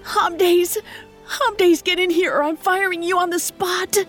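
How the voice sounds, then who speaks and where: A woman's voice: extremely high pitch, fairly even intonation, a little slow, fairly bright tone, soft background music, voice pushed up. A woman voicing a terrified, injured woman of about thirty, who speaks urgently in a pained half-whisper. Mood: frantic.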